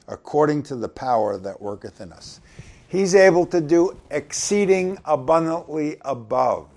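A man's voice: mid-range voice, darkish tone. A man preaching a sermon, reading scripture and explaining it in a conversational way, asking questions of his listeners. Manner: conversational, asks the congregation questions.

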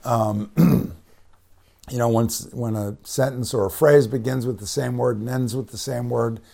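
In a steady, mellow, mid-range voice with vocal fry, a preacher delivers a conversational sermon teaching the bible. Heavy on fillers and restarts, he keeps saying "you know" between phrases and slowly spells out the Greek words he explains.

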